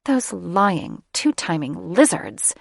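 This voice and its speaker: Audiobook heroine: a woman doing a defiant young witch, sharp-tongued, slightly raised pitch, gravelly texture. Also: big pitch swings, slow, no echo, clean studio sound, exaggerated voice.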